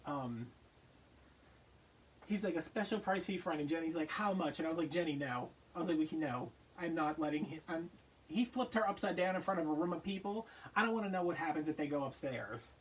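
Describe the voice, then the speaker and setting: A man hosting a craft vlog, telling a story in a casual, animated way and acting out voices in his anecdotes. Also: on the high side, a little fast, husky, recorded from a distance, low-quality recording. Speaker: craft channel host.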